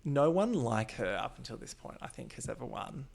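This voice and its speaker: A man's voice: mid-range voice, big pitch swings, vocal fry, darkish tone. A man hosting a podcast, chatting casually and gossiping with a guest. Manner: gossipy, quick reactions. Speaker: podcast host. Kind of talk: casual chat recapping a reality show.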